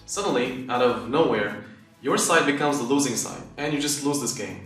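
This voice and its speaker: A man teaches phrases one at a time and repeats each word slowly so it can be followed. He sounds far from the mic in a very echoey room. Faint music plays underneath. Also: medium pitch, animated, fairly bright tone. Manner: explains step by step, repeats words slowly. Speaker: Arabic dialect teacher. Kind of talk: language lesson video.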